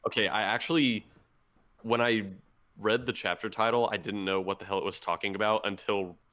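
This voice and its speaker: Smooth, low-voiced man recapping excitedly. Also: brisk. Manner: excited, rambling retelling with many fillers. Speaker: podcast co-host. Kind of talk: casual chat recapping a manga.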